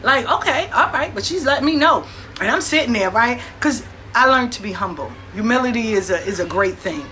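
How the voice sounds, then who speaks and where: A woman tells stories straight to her listeners. She is blunt and profane and acts out what people said. Her voice is bright and set a little high, with a faint hum of room sound behind her. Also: fairly quick. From New York. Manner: blunt, profane, animated with acted-out quotes. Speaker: host. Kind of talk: casual storytelling monologue.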